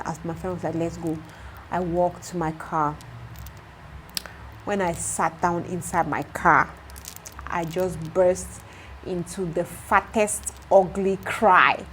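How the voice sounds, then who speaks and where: A young woman with a Nigerian accent, retelling a story to her vlog audience in a lively, exasperated way. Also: mid-range voice, slight background noise. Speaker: vlogger. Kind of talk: casual storytelling to camera.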